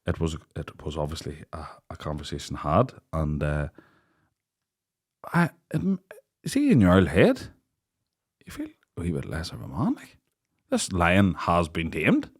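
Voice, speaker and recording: Speaking a little slowly with long pauses, this Northern Irish man in his late thirties has a low, slightly rough voice. He hosts a podcast, casually chatting and laughing his way through crude, lively stories.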